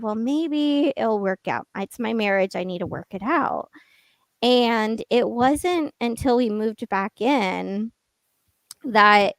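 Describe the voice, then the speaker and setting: A woman's voice: a little high, no echo. A woman guest on a podcast, candidly telling a personal story and acting out what was said. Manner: candid, storytelling, quotes people in dialogue.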